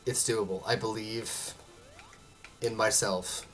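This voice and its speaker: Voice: medium pitch, steady tone, slow pace, fairly bright tone, soft background music. A gamer giving casual commentary while playing, muttering encouragement to themselves and joking with chat. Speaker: let's play gamer.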